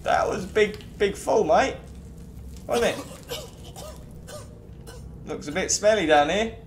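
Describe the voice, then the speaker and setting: A man's voice: high voice, expressive, takes it slowly, background noise. A young man giving casual let's play commentary, chattering to himself and the game. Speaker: gaming youtuber.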